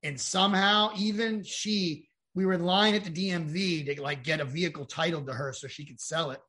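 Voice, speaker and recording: Bright-voiced man telling his story frankly. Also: on the high side, fairly even intonation, a little fast. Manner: rambling, frank, swears, acts out quoted dialogue. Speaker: podcast guest. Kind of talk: candid personal storytelling.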